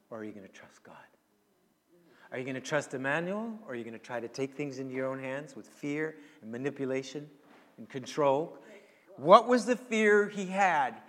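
A man's voice: mid-range voice, very animated, moderate pace, a bit bright. A man preaching a sermon as a pastor, casual and conversational, rising into emphatic pleading bursts. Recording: long hall reverb.

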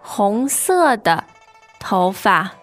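A woman co-hosting a language lesson, saying each word slowly and twice for learners. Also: mid-range voice, big pitch swings, faint music behind. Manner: models words slowly, repeating each twice. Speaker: Chinese language co-host. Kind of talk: casual teaching chat.

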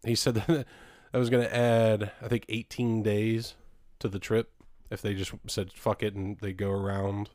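Chill guy rambling on a podcast, laughs a bunch, swears, kinda low voice, dry mic. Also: little pitch movement, moderate pace, few pauses, darkish tone, no room sound. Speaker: podcast co-host. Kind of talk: casual podcast chat.

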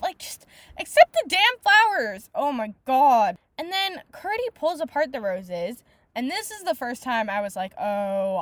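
With a slightly high voice and no echo, a woman reviews books on her podcast in a casual, exasperated rant. She curses frequently and fills her sentences with "like."

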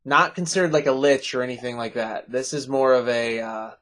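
A man's voice: medium pitch, fairly even intonation, fairly quick, a bit bright. A man running a tabletop game as game master, narrating playfully and laughing at his own twists.

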